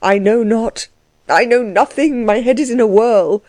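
A woman's voice: fairly high pitch, unhurried, a little mellow, no echo, lightly acted. Tearful old servant guy, woman reading him, anxious, pleading, dry close sound. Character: tearful, distraught older male servant. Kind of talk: audiobook character reading.

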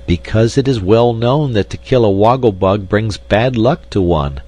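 A man voicing a pompous, polite male insect hero, with a high, fussy, pleading voice. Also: lively intonation, normal speed, dark tone, poor audio. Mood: proud.

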